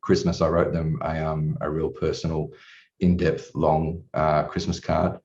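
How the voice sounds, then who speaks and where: A man's voice: very deep voice, level tone, a little slow, vocal fry, a little mellow. A man in his forties telling his personal story as a coaching client, candid and rambling, with casual swearing. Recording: distant, dull room recording.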